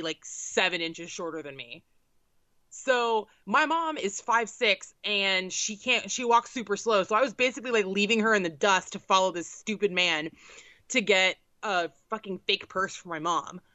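Animated, foul-mouthed young woman storyteller. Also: mid-range voice, no room sound. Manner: profane, animated, exasperated. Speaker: storyteller co-host. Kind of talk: casual comedic storytelling.

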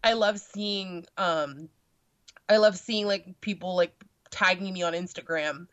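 Young woman, casual chatty guest, lowish voice, lo-fi dry sound. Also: measured pace, no room sound. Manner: chatty, lots of filler words, animated when quoting. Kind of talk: casual chat. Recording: dull lo-fi sound.

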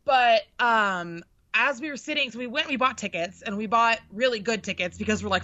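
A young woman co-hosting a podcast, telling an animated, profane story in casual chat. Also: mid-range voice, fast, few pauses, dry recording. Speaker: podcast co-host. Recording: dull lo-fi sound.

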